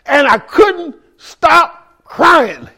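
A ministry speaker with a strikingly high voice gives a testimony sermon, addressing his congregation directly in a raw, street-casual way. He grows openly emotional and builds to shouts, stretching words expressively.

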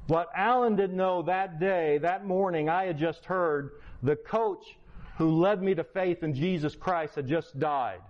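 A man gives a lively, conversational testimony, switching into voices for the people in his story. His voice sits fairly high and the recording sounds a little muffled. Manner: animated, acts out quotes, conversational. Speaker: teacher and lay preacher.

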